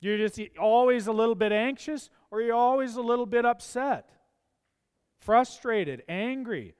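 A man's voice: extremely high pitch, expressive, normal speed, a little mellow, smooth. A man preaching a sermon, earnest and asking pointed, emphatic questions. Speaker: pastor. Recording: long hall reverb.

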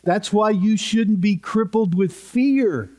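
A man's voice: high voice, takes it slowly, darkish tone. A man preaching a sermon as a pastor, earnest and emphatic, repeating key phrases for weight.

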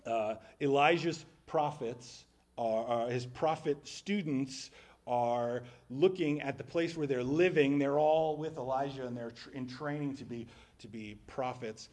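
A man's voice: medium pitch, unhurried, a little mellow. A man preaching a sermon, telling a story conversationally with casual asides.

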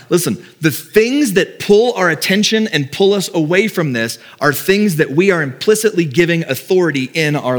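A middle-aged man preaching a sermon as pastor, talking in a conversational way and acting out doubts in quoted voices. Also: on the high side.

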